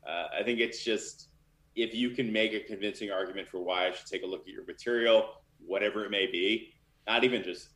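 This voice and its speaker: A man's voice: fairly low pitch, a little fast, fairly bright tone, roomy sound. A man talking casually and candidly as a guest in an interview, with lots of fillers. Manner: loose and candid, many fillers. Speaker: literary manager.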